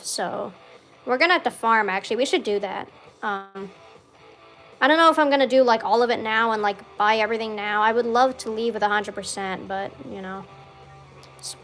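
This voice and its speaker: A young woman chatting casually over gameplay, rambling with lots of "like" and swearing freely, with loud outbursts when the game goes wrong. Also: a little high. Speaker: gaming streamer.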